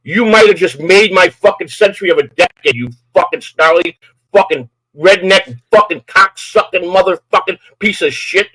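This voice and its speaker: Older male streamer, furious profane rant, fairly high voice, dry close mic. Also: normal speed, pushed and bright, no echo, low-quality recording. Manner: profane, threatening, repetitive. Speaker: live-stream host. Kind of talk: angry live-stream rant.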